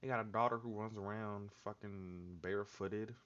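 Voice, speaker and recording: A man's voice: on the low side, steady tone, moderate pace, background noise. A man hosting a casual chat, talking loosely and jokingly with lots of slang and filler words. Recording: dull lo-fi sound.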